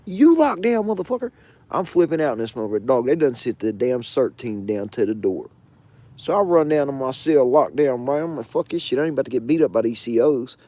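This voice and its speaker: Profane, animated storytelling man, mellow voice. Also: mid-range voice, fairly quick. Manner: profane, slangy, animated, with frequent asides. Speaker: show host. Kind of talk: casual storytelling of a jail anecdote.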